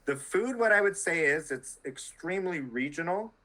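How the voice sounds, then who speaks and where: A man with a bright, forceful, slightly high voice, chatting as a podcast guest. He tells stories in an animated way, full of quick asides and loose phrasing. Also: rough recording. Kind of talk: casual conversation.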